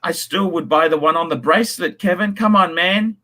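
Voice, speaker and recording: A man's voice: sits high, fairly quick, sharp tone. A man hosting a casual livestream, reading donations and ranting bluntly with lots of swearing. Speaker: livestream host.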